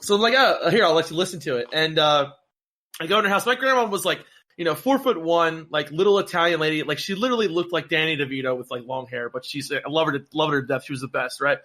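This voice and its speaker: A man with a bright, forceful, fairly high voice, chatting on a podcast. He tells his story in an animated, rambling way, restarting sentences as he goes. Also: fast talker. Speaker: podcast guest. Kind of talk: casual chat.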